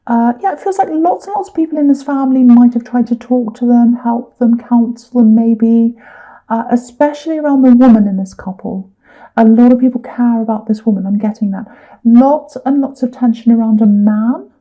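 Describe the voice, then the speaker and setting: A woman's voice: on the high side, dark tone, muffled recording. A woman giving a chatty tarot reading, full of fillers and repeated words. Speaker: tarot reader.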